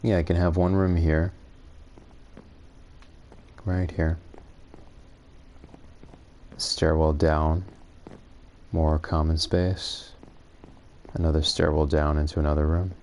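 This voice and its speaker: A man's voice: rumbling low, level tone, takes it slowly, long pauses, a little mellow. A man streaming a survival game, musing to himself and amused at his own remarks in casual commentary. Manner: musing, self-amused, thinks aloud. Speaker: gaming streamer.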